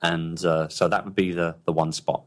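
A man's voice: sits low, level tone, normal speed. A man from London, a business owner chatting as a podcast guest in an upbeat, jokey way. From England, London. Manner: upbeat, jokey, laughs often. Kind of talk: casual interview chat.

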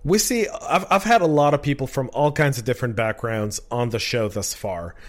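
A man's voice: mid-range voice, moderate pace. Chatty rambling male podcast host. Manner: chatty, rambling, repeats words. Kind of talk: casual podcast interview.

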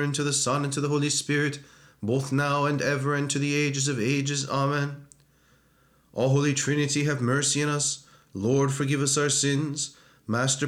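A man's voice: a little high, fairly bright tone. A man steadily reciting liturgical prayers as a reader.

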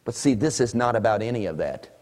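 A man preaching a sermon with animation. He swings between hushed asides and shouts, and he playfully acts out imagined listeners. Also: on the low side, animated, quick pace, big-room sound.

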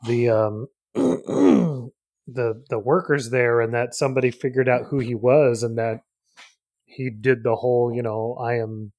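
A man co-hosting a podcast in casual chat, easygoing and quick to agree. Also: medium pitch, expressive, a little mellow. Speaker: podcast co-host.

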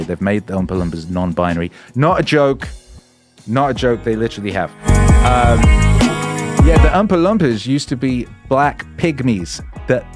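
A man hosting a stream, ranting sarcastically and swearing, now and then putting on squeaky mocking voices. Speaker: stream host. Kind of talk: casual ranting stream talk. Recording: loud music behind the voice.

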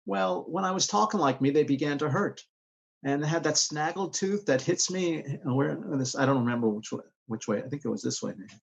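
A man being interviewed as an actor guest, talking in a rambling, halting way with many restarts. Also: fairly high pitch, vocal fry, slightly rough, dull audio. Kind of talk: podcast interview.

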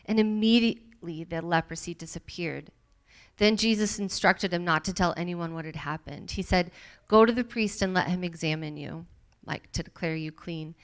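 A woman's voice: on the low side, smooth. Woman reading scripture expressively. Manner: expressive reading, livelier in quoted speech. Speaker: Bible study leader. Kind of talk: reading scripture aloud with commentary.

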